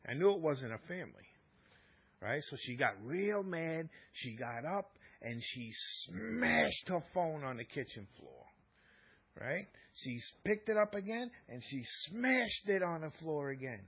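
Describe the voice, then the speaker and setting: A husky-voiced man telling a long story on a live stream. He rambles and repeats himself, and he acts out both sides of a quarrel. The audio is muffled and lo-fi. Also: a little high, sing-song, a little slow. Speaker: live-stream talk host. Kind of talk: casual storytelling monologue.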